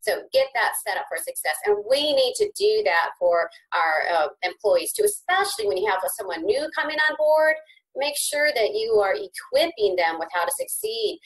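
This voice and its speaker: A middle-aged woman, a podcast guest, speaking conversationally and with animation, her pitch swooping high when excited and her words often restarting. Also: normal speed, poor audio. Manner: frequent repeated word restarts. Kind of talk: conversational interview.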